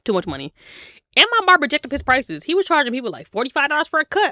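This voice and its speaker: Young woman streamer in her twenties, casual slangy storytelling, lively jumps in pitch, bright voice, dry close sound. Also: quick pace, no room sound. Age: 20s.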